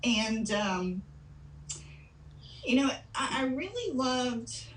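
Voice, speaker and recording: A woman's voice: fairly high pitch, sing-song, extremely slow, distant mic, slight background noise. Tearful woman in an echoey room. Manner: tearful, grateful. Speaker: meeting participant. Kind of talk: casual video-call sharing. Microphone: video call microphone.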